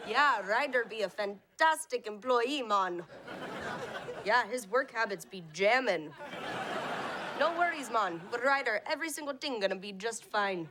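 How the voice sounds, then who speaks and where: A woman's voice: on the high side, lively intonation, measured pace, crowd noise. A woman faking an exaggerated Jamaican accent on a phone call, laid-back and full of slang, in noisy sitcom audio. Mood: breezy. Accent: put-on Jamaican.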